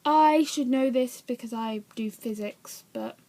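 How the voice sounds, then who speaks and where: A woman's voice: a little high, unhurried, dark tone. A young woman vlogging in a casual, rambling way, often hesitant and poking fun at herself. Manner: rambling, hesitant, self-deprecating. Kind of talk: casual chat to camera.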